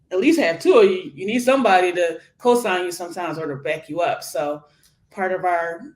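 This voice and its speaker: A woman from Philadelphia in her forties, an education nonprofit founder giving an energetic, animated interview and laughing often. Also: on the low side. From Philadelphia, USA. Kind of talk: conversational interview. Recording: echoey room.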